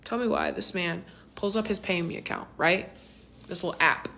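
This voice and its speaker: A young adult woman narrating a personal storytime vlog in a casual, slangy and animated way, with rhetorical asides to the listener. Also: lowish voice, moderate pace, slight background noise.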